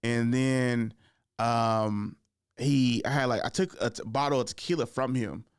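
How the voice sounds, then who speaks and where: A man's voice: medium pitch, measured pace, clean tone, no echo, clean studio sound. A young adult man hosting a podcast, telling a casual story in loose, profane, laid-back slang. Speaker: podcast host.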